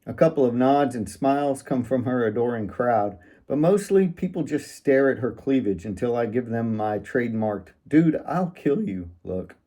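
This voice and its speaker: A man's voice: mid-range voice, moderate pace, few pauses, mellow. A man reading first-person fiction aloud in a wry, sardonic manner. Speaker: audiobook narrator.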